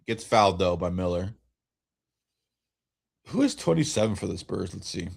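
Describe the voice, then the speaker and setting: A man streaming a watch-along, giving relaxed fan play-by-play while tired and yawning, often restarting his sentences. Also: lowish voice, moderate pace, gravelly. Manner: relaxed, rambling calls with frequent self-corrections. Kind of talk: casual fan play-by-play commentary.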